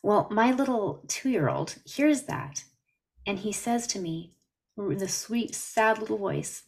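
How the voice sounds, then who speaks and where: A woman's voice: mid-range voice, expressive, slow, gravelly. A woman from Canada, a therapist, talking earnestly on a podcast interview over a video call. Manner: earnest, explanatory, story-telling. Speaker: therapist guest.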